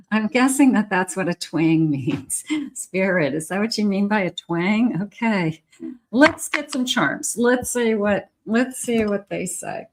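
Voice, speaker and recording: A woman giving a casual tarot reading to camera, musing aloud in an unhurried way and talking to spirit as she pulls cards. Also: mid-range voice, animated. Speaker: psychic tarot reader.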